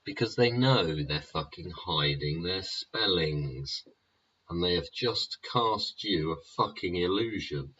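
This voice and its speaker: Deep, slow, swearing man. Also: lively intonation, bright, forceful tone, slight background noise. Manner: rambling, profane, keeps tagging lines with "yeah?". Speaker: YouTube show host. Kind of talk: sweary ranting monologue. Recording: dull lo-fi recording.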